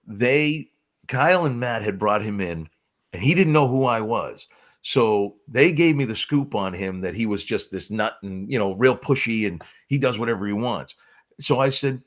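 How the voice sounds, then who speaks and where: A man with a New England accent telling wrestling stories as a guest in casual chat, acting out quotes in voices. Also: normal speed. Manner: animated, acts out quotes with high-pitched voices. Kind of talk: casual storytelling.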